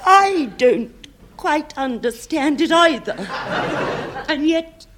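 An actress playing a breathless romantic heroine in a comedy sketch, drawn-out and swooning. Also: female voice, high-pitched, lively intonation. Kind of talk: parody melodrama acting. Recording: noisy live recording with audience.

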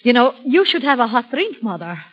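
An actress playing a dutiful daughter coaxing her mother in a comic sketch, brisk and patient. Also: on the high side, big pitch swings, husky, muffled recording. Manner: brisk, coaxing comic straight-woman delivery.

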